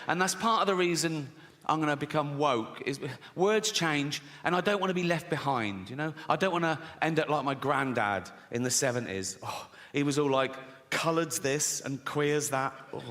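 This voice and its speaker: A man's voice: medium pitch, fairly bright tone. A middle-aged English man doing stand-up, sardonic and mock-innocent, slipping into voices for quoted lines. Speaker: stand-up comedian. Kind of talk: stand-up comedy set. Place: large theatre stage with audience. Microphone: stage microphone. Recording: long hall reverb, audience noise.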